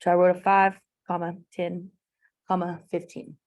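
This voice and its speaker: A woman's voice: lowish voice, monotone, moderate pace, a little mellow. A woman, teaching a math class in a classroom, chatty and informal with lots of asides and fillers. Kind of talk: classroom lecture.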